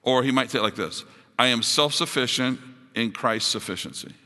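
A man preaching a sermon as pastor, building to emphatic high points and dropping to soft, quiet appeals. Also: normal speed, big-room sound. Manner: rises to emphatic peaks, drops to soft closing appeals.

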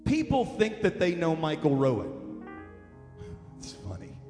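High-voiced preacher man in echoey hall. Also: wildly swooping pitch, a little slow. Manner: impassioned preaching that builds to shouting. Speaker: pastor. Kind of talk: sermon. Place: large church hall. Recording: echoey hall with music underneath.

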